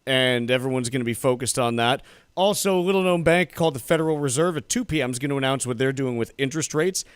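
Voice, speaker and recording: A man's voice: medium pitch, fast talker, clean tone, no echo. A man co-hosting a financial news radio show, chatting casually with some dry humor. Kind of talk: casual market news chat.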